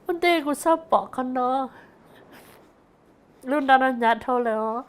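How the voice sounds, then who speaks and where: A woman's voice: high voice, moderate pace, slight background noise. A woman giving an earnest, emotional interview testimony.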